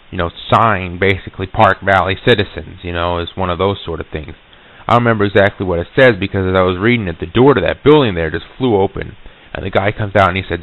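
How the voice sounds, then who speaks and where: Low-voiced man on tinny old tape. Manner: halting, many restarts and fillers. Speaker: interviewee recounting an encounter. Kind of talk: casual spoken recollection.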